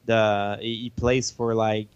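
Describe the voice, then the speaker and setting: A man whose first language is French, a game developer explaining his work in a casual interview, halting and chuckling as he talks. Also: lowish voice, level tone, clear, resonant tone, dry recording, lo-fi sound.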